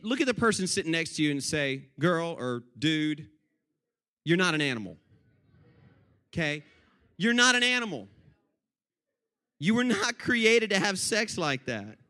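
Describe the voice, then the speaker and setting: A man preaching a sermon to his congregation, animated and addressing them directly. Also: sits high, brisk. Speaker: pastor.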